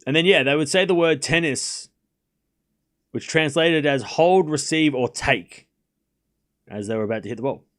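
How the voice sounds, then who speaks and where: A man streaming live tennis commentary, switching between quick play-by-play and rambling, self-correcting chat with his viewers. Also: fairly high pitch, fairly bright tone.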